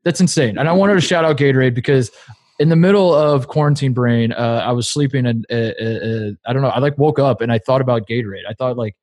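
A man co-hosting a podcast, chatting casually and rambling through his thoughts with plenty of ums and easy laughter. His voice sits at an ordinary middle pitch, recorded close and dry. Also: quick pace, darkish tone, no room sound. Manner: rambling, laughs easily, lots of fillers. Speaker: podcast co-host. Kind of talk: casual chat.

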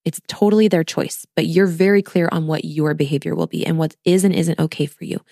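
A woman's voice: low voice, steady tone, a little fast, creaky, dark tone, dry recording, clean studio sound. Earnest woman coaching her listeners. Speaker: podcast host and postpartum coach. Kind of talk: casual solo podcast talk.

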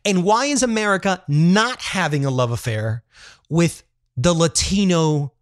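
A male podcast co-host in loose, casual conversation. His pitch swings widely as he talks, and he is blunt and ready to swear. He drives his points home with rhetorical questions. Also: lively intonation, a little slow, dry recording, studio quality.

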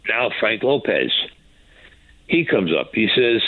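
A man's voice: fairly low pitch, big pitch swings, takes it slowly. A man telling a courtroom story, bluntly and profanely, acting out what each person said. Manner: acts out quotes, blunt and profane. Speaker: former mob enforcer guest. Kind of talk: animated storytelling. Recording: dry tinny phone-like line.

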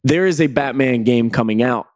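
A man's voice: medium pitch, normal speed, no echo. A man hosting a podcast in a casual, conversational way. His voice sits in an ordinary middle range, and the recording is dry with no room sound. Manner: relaxed, conversational. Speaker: podcast host. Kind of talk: casual chat about games and film news.

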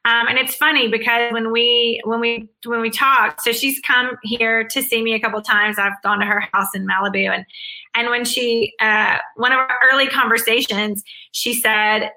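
A woman's voice: fairly high pitch, steady tone, moderate pace, creaky, bright, forceful tone, low-quality recording. A woman speaking as an interview guest, answering in an earnest, upbeat way with frequent restarts.

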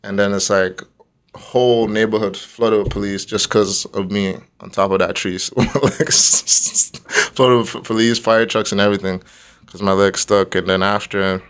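Low, flat-voiced young man. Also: unhurried, smooth. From Nigeria. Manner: laughs often while telling a story. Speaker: guest. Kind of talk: casual storytelling interview.

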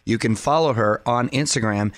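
A man's voice: medium pitch, moderate pace, no echo. A man hosting a radio show in a studio, with an upbeat, punchy delivery. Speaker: radio host.

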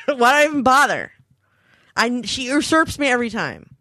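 A woman's voice: unhurried, no echo, clean studio sound. A woman co-hosting a podcast in casual chat, telling stories with acted-out quotes. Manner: animated storytelling, acts out quotes with big pitch jumps. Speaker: podcast co-host.

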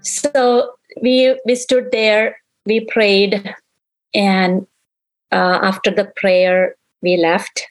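A woman's voice: medium pitch, flat delivery, very slow, faint music behind, poor audio. A middle-aged woman, a grieving mother in an interview, recounting events and acting out the dialogue she remembers. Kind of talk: emotional personal recollection.

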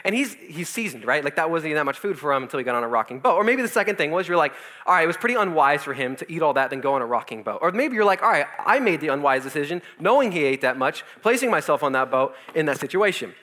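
A young man in his twenties giving a casual youth sermon, telling a comic story with lots of fillers and animated asides. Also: a little high, fast talker, few pauses. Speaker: youth speaker.

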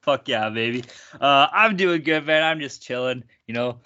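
A man hosting a casual sports podcast, energetic and swearing freely. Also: medium pitch, moderate pace, dull audio. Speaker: podcast host.

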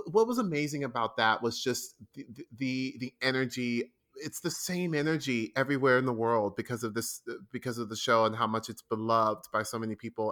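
A man talks as an interview guest in an eager, rambling way, stumbling over his words and restarting his sentences. His pitch sits in the middle range for a man. He keeps up loose, casual chat. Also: a bit bright. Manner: enthusiastic, rambling with many restarts and laughs. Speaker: guest, stage actor.

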